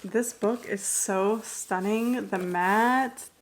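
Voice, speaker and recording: A woman's voice: mid-range voice, drawn-out words, slight background noise. A young woman in her twenties chatting casually on her reading vlog at home, blunt and full of fillers, with some swearing. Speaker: book vlogger.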